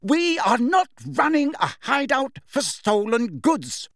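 A man's voice: on the high side, huge pitch swings, slow pace, fairly bright tone, breathy edge, no echo, clean studio sound, exaggerated voice. A man voicing Mrs Weasley, stern motherly woman. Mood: furious. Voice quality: firm, commanding. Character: stern plump mother, middle-aged woman, bossy.

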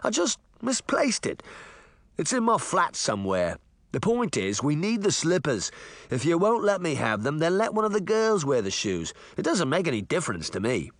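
A man's voice: a little high, huge pitch swings, moderate pace, no room sound, pitched above the performer's own voice. A man voicing a careless, self-assured rogue in an audiobook, sounding brash and impatient. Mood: indignant. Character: cocky, careless roguish man. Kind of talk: audiobook character voice.

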